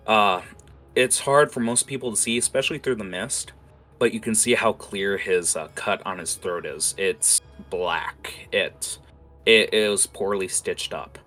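A man narrates as game master, pausing often on fillers. His voice sits low but rings bright. Faint music plays underneath. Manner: loose, filler-heavy narration.

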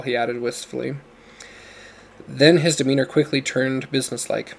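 A man reading a novel aloud in a steady, measured narration. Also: mid-range voice, vocal fry. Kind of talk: audiobook narration.

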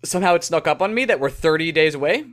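A man co-hosting a casual sports podcast, jokey and animated, tripping over names now and then. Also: fairly high pitch, fast talker. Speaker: podcast co-host.

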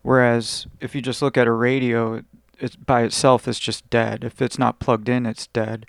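Gravelly man telling a story. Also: medium pitch, level tone, moderate pace, no room sound, clean studio sound. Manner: rambling, frequent "like" and restarts. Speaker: podcast host. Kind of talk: casual storytelling.

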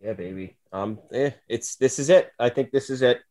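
Laid-back, profane podcast co-host. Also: male voice, medium pitch, moderate pace, warm tone, dry recording, studio quality. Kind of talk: casual sports podcast chat.

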